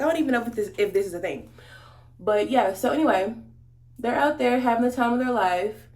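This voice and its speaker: This beauty vlogger's mid-range voice sounds a little mellow, echoing around the room as she chats through a storytime during a makeup tutorial. She keeps it slangy and familiar, speaking right to her audience.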